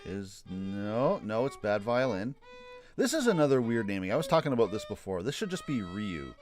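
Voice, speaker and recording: A man streaming a game, giving casual, wry commentary with quick asides. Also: fairly low pitch, big pitch swings, darkish tone, soft background music. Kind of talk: casual let's-play commentary.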